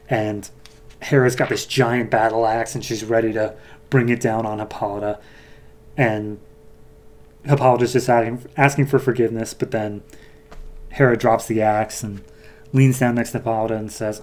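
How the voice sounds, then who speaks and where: A man's voice: lowish voice, steady tone, normal speed, long pauses, a little mellow. Casual man recapping comics. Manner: loose, filler-heavy retelling, voicing characters lightly. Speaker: podcast host.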